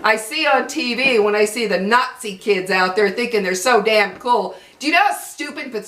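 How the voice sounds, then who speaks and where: A woman's voice: fairly high pitch, expressive, normal speed, fairly bright tone, echoey room, slight background noise. An older woman with children and grandchildren, ranting angrily to her viewers, cursing and repeating herself for emphasis. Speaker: vlogger. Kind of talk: angry rant to camera.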